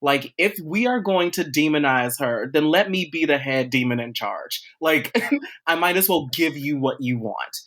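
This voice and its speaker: A man's voice: fairly high pitch, lively intonation, moderate pace, fairly bright tone. A man on a casual podcast, analyzing a show thoughtfully and laughing between points. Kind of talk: casual pop-culture chat.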